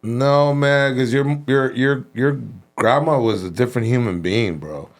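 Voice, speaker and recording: A man from Los Angeles hosting a podcast, telling animated, profane stories in casual chat. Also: mid-range voice, unhurried, faint music behind. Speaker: podcast host.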